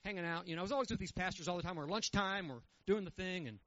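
A man preaching a sermon, telling a story in a folksy, animated way. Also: high voice, very fast, no echo, muffled recording. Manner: animated, folksy, with quoted voices.

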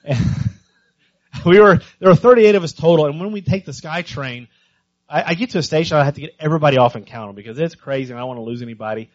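A man giving a missions talk to a church congregation, telling stories with lively energy and often stumbling over repeated words. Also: fairly high pitch, fast talker, highs cut off. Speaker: visiting missions speaker.

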